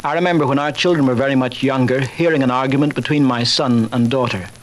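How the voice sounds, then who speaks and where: An older man, a chaplain, giving a measured talk on faith with dry humor and personal stories. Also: medium pitch, fairly even intonation, poor audio. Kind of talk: recorded talk on faith, told through anecdotes.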